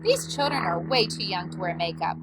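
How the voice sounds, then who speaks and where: A woman's voice: lowish voice, expressive, fairly quick, very noisy. A woman voicing a cheerful, literal-minded housekeeper in a children's storybook.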